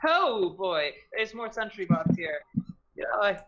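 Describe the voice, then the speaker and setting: A woman voicing a young male soldier who is nervous but pretends not to be, talking in halting bits. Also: mid-range voice, big pitch swings, fairly bright tone, dull audio, a little hiss or hum. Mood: nervous bravado. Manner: hesitant, halting speech with nervous fillers.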